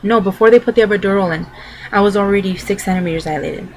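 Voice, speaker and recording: A woman's voice: mid-range voice, fast talker, darkish tone, slight background noise, poor audio. A young adult woman vlogging, telling a personal story to camera in a loose, rambling way full of filler words.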